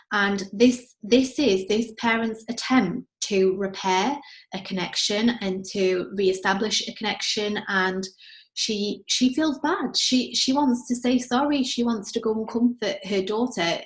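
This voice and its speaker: A woman's voice: mid-range voice, a little slow. A woman, a parent coach, giving earnest commentary on show clips and acting out what a parent might say. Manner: earnest, acts out parent and child voices in quotes. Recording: echoey room.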